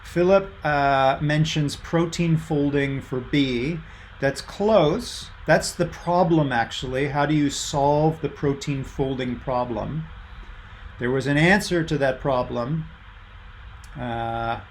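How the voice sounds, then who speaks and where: Gravelly-voiced man lecturing online. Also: medium pitch, slow pace, a little hiss or hum. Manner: casual, many fillers, reads out student chat answers. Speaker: university lecturer.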